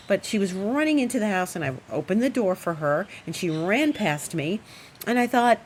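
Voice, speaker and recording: A woman astrologer host, at home, telling a story in a casual, animated and rambling way with fillers. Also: medium pitch, normal speed, a little hiss or hum. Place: at home, indoors.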